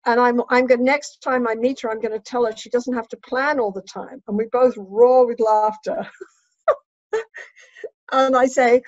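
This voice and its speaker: Brief: woman therapist-trainer lecturing, fairly high voice, instructive and emphatic, dull dry recording. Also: steady tone, moderate pace, a little mellow, no echo. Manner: instructive, emphatic, checks in with "right?". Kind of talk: teaching lecture.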